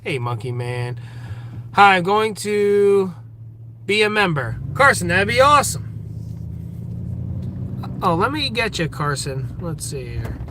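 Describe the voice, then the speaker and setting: Guy livestreaming outside in the woods, reads the chat out loud, says hi to everyone by name, pretty high voice. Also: sing-song, slow, long pauses, a little hiss or hum. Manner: reads viewer comments aloud and greets each viewer by name. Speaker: livestream host. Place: outdoors in a state forest.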